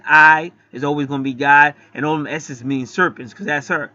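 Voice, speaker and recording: A man delivers a blunt, profane spiritual lecture that keeps climbing into heated rants. His voice sits fairly high and comes out sharp and forceful. The sound is dry and a little dull, with no room around it. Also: fairly even intonation, moderate pace, no echo. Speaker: online spiritual teacher. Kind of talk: profane preaching monologue.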